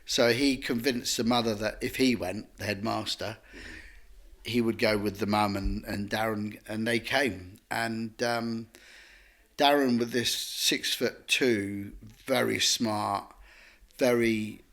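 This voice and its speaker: A man, a guest telling stories in a lively, rambling way full of restarts. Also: fairly low pitch, takes it slowly. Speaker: guest artist. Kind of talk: conversational storytelling.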